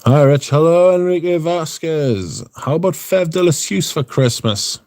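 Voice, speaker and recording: A man's voice: a little high, expressive, a little slow, darkish tone. A British man hosting a livestream, chatting casually and reading out viewer comments, swearing freely. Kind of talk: casual chat.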